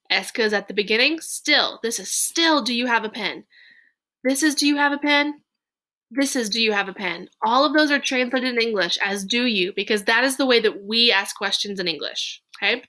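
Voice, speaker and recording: A woman's voice: a little high, normal speed, pushed and bright. A woman teaching French question forms to a class, explaining patiently and step by step. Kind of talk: classroom lesson on slides.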